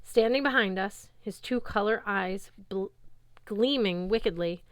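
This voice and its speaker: A woman reads a novel aloud in a steady, even storytelling way. Her voice is smooth and clear, and the recording is dry and close. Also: medium pitch, unhurried, no room sound. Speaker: audiobook narrator. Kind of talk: audiobook narration.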